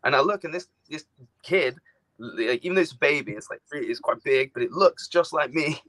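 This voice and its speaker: Bright-voiced man telling lively stories. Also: fairly high pitch, a little fast, no echo, poor audio. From outside the United States. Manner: lively storyteller who acts out his own reactions. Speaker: podcast co-host. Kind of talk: casual chat.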